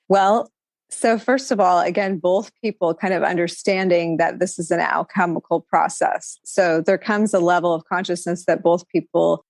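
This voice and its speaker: A woman's voice: lowish voice, steady tone, normal speed, creaky, a little mellow, no room sound, studio quality. A woman, a podcast guest, talking in a reflective, spiritual way, her thoughts flowing with many fillers. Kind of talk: casual conversational interview.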